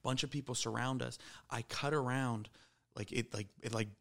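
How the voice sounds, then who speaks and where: A man's voice: medium pitch, fairly even intonation, moderate pace, vocal fry, a bit bright. A man in his thirties from the Pittsburgh area, telling rowdy, profane stories as a guest in a casual podcast chat. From Pittsburgh area, USA.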